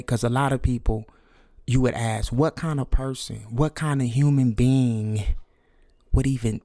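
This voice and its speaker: A man's voice: medium pitch, vocal fry, no room sound. Preachy guy ranting to his viewers, repeats himself a lot, mid voice, dry close mic. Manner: preachy, repetitive, drops to hushed whisper for emphasis. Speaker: vlogger. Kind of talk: conspiracy talk video.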